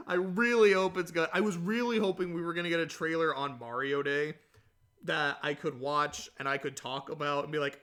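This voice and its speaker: A man hosting a solo podcast, rambling and chatty, telling stories in a casual, animated way. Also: fairly high pitch, moderate pace. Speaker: podcast host.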